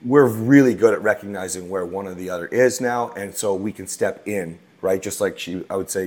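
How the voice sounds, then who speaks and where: A man co-hosting a marriage talk, giving advice to men in a relaxed way and checking in with tag questions. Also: low-pitched, fairly quick, hardly any pauses. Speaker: marriage coach co-host.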